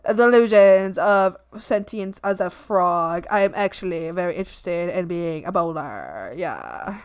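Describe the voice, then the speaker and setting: A woman's voice: fairly low pitch, expressive, a little slow, a little mellow, smooth. A woman streamer chatting casually and playfully with her viewers, often squealing and giggling. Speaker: art streamer.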